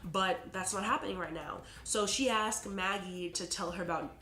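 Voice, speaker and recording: A woman talks through a TV episode in a loose, casual recap and fills her sentences with "like" and "you know." Her voice sits at an ordinary middle pitch for a woman. The room gives it a noticeable echo, and a little music plays faintly underneath. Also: moderate pace, bright, forceful tone. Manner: chatty, heavy on "like" and "you know". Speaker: TV episode reviewer. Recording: roomy echo.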